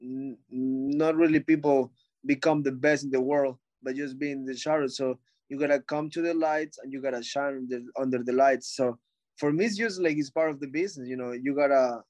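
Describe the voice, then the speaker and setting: A man's voice: mid-range voice, a little mellow, no room sound. Blunt, profane fighter, a man. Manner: blunt and profane, frequent "like" and "you know". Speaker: fighter guest. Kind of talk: casual interview talk.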